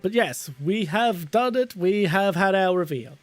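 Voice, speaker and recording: Giggly high-voiced male streamer. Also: animated, a little slow, faint music behind. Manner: giggly and chatty, swears casually. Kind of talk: casual live-stream chat.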